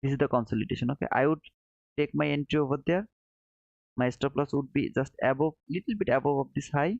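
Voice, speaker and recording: A man's voice: mid-range voice, quick pace, gravelly, darkish tone, no echo. A man hosting a live trading stream, walking viewers through charts, reading chat and calling them brother. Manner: friendly, calls viewers brother, thinks aloud while charting. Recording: dull lo-fi dry sound.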